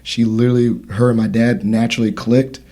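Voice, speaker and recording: A man's voice: medium pitch, level tone, fairly quick, mellow. A man in his thirties hosting a casual podcast conversation, telling a story in a rambling way with many fillers and restarts. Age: 30s. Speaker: podcast host.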